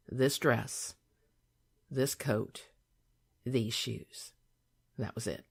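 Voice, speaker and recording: An older woman reading her own memoir aloud in a calm, soothing, measured way. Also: rumbling low.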